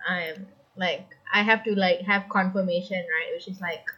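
A woman's voice: lowish voice, fairly even intonation, normal speed. A young woman co-hosting a casual podcast chat, rambling and giggly with lots of fillers, on muffled home audio. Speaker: podcast co-host.

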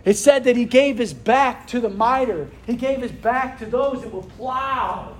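A man with a notably high voice preaching a sermon in a room full of people. He takes his time, drawing the words out slowly. He keeps asking the listeners questions that expect an answer back. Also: a little hiss or hum. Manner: preaching with rhetorical questions to a responding congregation. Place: room with a congregation.

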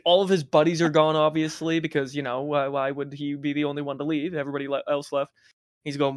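A young man with a slightly high voice tells a rambling party story, swearing and laughing as he goes. The sound is dry and close, with no room around him. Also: fast talker, no room sound. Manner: profane, laughing, animated anecdote telling. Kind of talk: casual storytelling chat.

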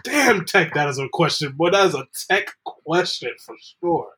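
Husky slightly high voiced guy reading podcast questions, keeps cracking up. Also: lively intonation, moderate pace, sharp tone. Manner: laughs easily, reads questions aloud. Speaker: podcast co-host reading topics. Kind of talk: casual group chat.

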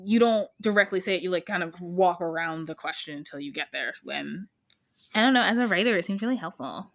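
A young woman co-hosting a podcast, chatty and self-mocking, talking in quick bursts. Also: lowish voice, expressive, creaky. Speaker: podcast co-host. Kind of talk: casual chat.

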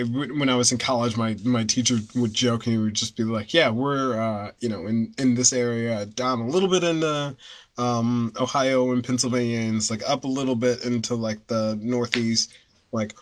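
A man's voice: mid-range voice, steady tone. A young man with a neutral Northeastern American accent, hosting a casual podcast chat and telling stories with many restarts and fillers. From United States. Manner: halting, many restarts and fillers, laughs often. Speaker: podcast host.

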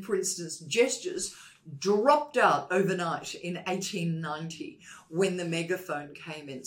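A woman speaking as a guest expert in a conversational interview. She is emphatic and animated, often repeating a point two or three times to drive it home. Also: fairly low pitch.

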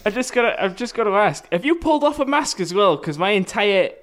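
A man's voice: high-pitched, very animated, fast, fairly bright tone. A man co-hosting a podcast, teasing and joking in casual chat.

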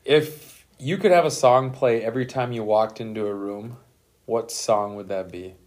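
A man who is a teacher hosting a casual interview, relaxed and encouraging, with lots of "you know" and "right". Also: lowish voice, normal speed. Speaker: teacher and podcast host.

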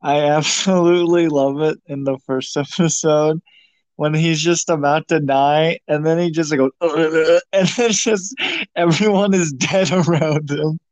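Laid-back young co-host, slow, dry. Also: medium pitch, steady tone, a little mellow, dry recording. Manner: laid-back, laughs often. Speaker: podcast co-host. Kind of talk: casual chat.

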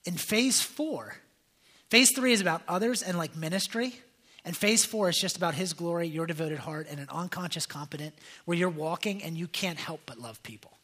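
A man's voice: on the high side, sharp tone, slightly rough. A young man preaching in a casual, conversational way, telling stories with many fillers and restarts. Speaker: pastor. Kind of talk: casual sermon storytelling.

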